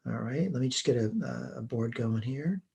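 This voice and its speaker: A man's voice: mid-range voice, lively intonation, normal speed, creaky, a little mellow, breathy edge. A man teaching a recorded math lesson, working through homework problems step by step in a plain, methodical way. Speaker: math instructor. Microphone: computer mic while writing on a tablet.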